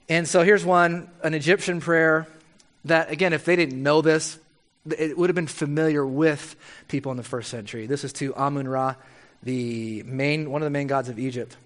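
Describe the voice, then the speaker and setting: A man preaching a conversational sermon, animated and playfully wry, often tossing in quick tag questions to the listeners. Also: a little high.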